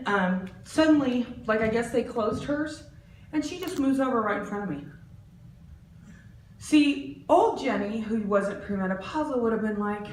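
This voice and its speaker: A woman in her forties doing a stand-up comedy set, animated and lively, jumping into loud, high voices for the people in her stories. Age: 40s. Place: art center stage. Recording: roomy, distant, faint background noise.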